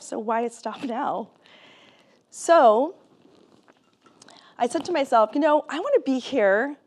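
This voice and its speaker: A woman speaker telling her personal story to a live audience in a conversational, animated way, laughing often. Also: on the high side. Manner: conversational, with many fillers and restarts. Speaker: keynote speaker and author.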